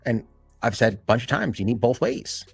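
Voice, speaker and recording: A man hosting a live stream in casual chat, rambling and filling every pause with "you know" and "like". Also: mid-range voice, big pitch swings, gravelly, slightly rough, no room sound, soft background music.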